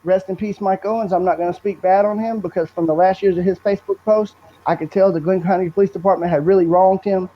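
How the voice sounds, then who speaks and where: A man's voice: sits high, fairly even intonation, fast talker, slight background noise. A young man, a podcast guest, talking earnestly and bluntly in long rambling stories. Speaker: guest, brother of the subject. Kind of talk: emotional storytelling in a podcast interview. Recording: dull lo-fi recording.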